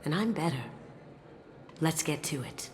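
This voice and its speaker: A woman's voice: sits low, expressive, unhurried. An actress voicing a playful female master thief, cool and teasing in manner. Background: game music.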